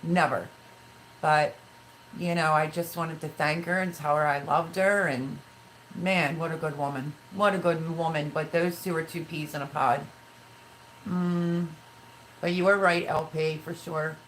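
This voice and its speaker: A woman's voice: low-pitched, steady tone, measured pace, a bit bright, a little hiss or hum, rough recording. A middle-aged woman hosting a casual live stream, talking candidly and emotionally in a rambling way while reading viewer comments. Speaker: livestream host.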